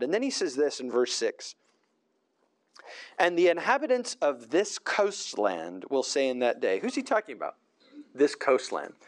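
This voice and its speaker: A man preaching an expository sermon, swinging between quiet and loud emphasis. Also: sits high.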